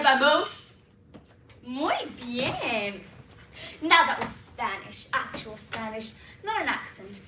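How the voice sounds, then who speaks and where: A young woman performing a pompous, bossy female accent teacher on stage with a put-on British accent, theatrical and exaggerated. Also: high-pitched. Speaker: student competitor performing a comic piece. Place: school auditorium stage. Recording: echoey hall from far off, noisy.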